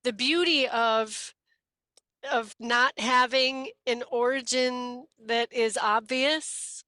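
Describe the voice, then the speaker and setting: A woman co-hosting a podcast interview, talking in a lively, chatty and playful way. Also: fairly high pitch, takes it slowly, dry recording. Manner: lively, chatty, playful, does quoted voices. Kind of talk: casual conversational interview.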